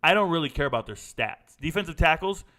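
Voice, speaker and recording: Bright, clear-voiced man hosting a livestream. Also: fairly high pitch, lively intonation, brisk. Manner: breezy, reads viewer comments aloud and answers them. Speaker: college football livestream host. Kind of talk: casual livestream chat answering viewers.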